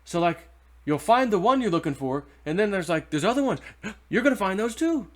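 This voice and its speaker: A man putting on the voice of an excited male spiritual advisor who keeps repeating encouraging reassurances. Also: sits high, moderate pace, slightly rough, pitched above the performer's own voice, full character voice.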